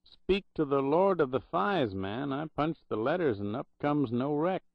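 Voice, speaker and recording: A man's voice: fairly high pitch, sing-song, a little slow, gravelly, no echo, pitched above the performer's own voice, heavily acted. A man voicing a slangy, jaunty young records clerk in an audiobook, on a dull, dry recording. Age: young adult.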